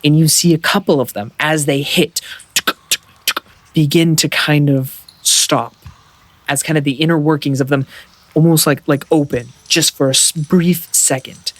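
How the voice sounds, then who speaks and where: A man narrating a tabletop game as game master, describing scenes in a halting way with lots of fillers. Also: on the high side, fairly even intonation, no echo.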